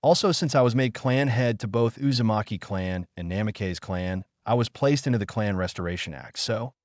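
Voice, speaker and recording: A man's voice: lowish voice, moderate pace, darkish tone, dry recording, clean studio sound, natural voice. A man voicing a confident teenage boy ninja explaining himself in a storybook reading. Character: brash teen male ninja, self-assured.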